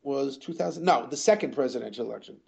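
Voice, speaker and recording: A man's voice: medium pitch, quick pace, creaky, husky. An older man telling stories in a casual interview, rambling with lots of "you know" and restarts. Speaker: guest musician.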